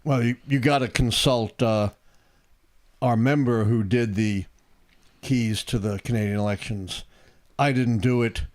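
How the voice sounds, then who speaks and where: Older man, measured professorial talk. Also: medium pitch, fairly even intonation, darkish tone. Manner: measured, thoughtful explanations with filler pauses. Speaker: professor and political commentator. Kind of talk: casual live-stream chat.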